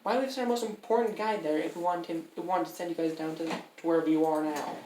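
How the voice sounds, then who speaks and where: A man's voice: a little high, fairly even intonation, fast, a little mellow. A man running a tabletop game as game master, explaining at length and correcting himself as he goes. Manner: rambling, self-correcting explanations. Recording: roomy, distant mic, faint noise.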